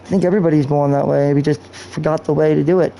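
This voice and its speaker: A man's voice: a little high, fairly even intonation, fast, creaky, warm tone, a little hiss or hum, rough recording. A man live-streaming a video game, talking in a rambling, profane, off-topic way into a cheap microphone. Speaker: gaming streamer. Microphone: cheap streaming mic.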